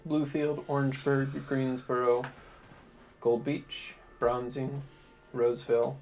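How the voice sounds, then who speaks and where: A man's voice: mid-range voice, flat delivery, slow pace, darkish tone, low-quality recording. A man narrating as game master in a tabletop game, in a laid-back, descriptive way, with faint music behind him.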